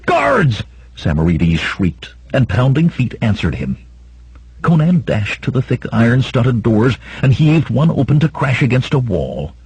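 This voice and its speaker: Guy reading an audiobook, dramatic, really raspy, dry close sound. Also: mid-range voice, sing-song, a little slow, no room sound, poor audio. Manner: dramatic, voices shouts of characters. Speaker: audiobook narrator. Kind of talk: scripted narration.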